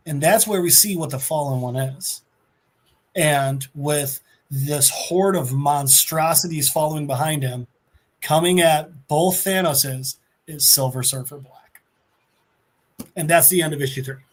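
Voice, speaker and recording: A man's voice: on the high side, unhurried. A man co-hosting a podcast, animatedly recapping a comic book in a casual way, often slipping into character voices. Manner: animated storyteller, slips into voices. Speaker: podcast co-host.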